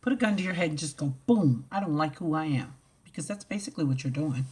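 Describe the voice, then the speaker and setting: A woman with a low, husky voice rants to camera in a vlog, blunt and profane. Her pitch leaps widely, and she swings from loud outbursts to low mutters. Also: expressive, quick pace. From United States. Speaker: vlogger. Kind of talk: ranting to camera.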